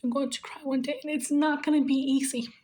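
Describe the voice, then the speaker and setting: A woman's voice: sits high, fairly even intonation, brisk, warm tone. A woman in her forties, a nurse, giving emotional, earnest advice in a heartfelt monologue and repeating her points for emphasis. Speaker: nurse sharing life advice.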